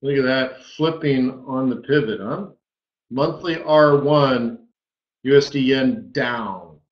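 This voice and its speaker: A medium-pitched man takes it slowly as he hosts a live forex trading webinar, exclaiming playfully while going through the charts. The audio sounds roomy and slightly dull.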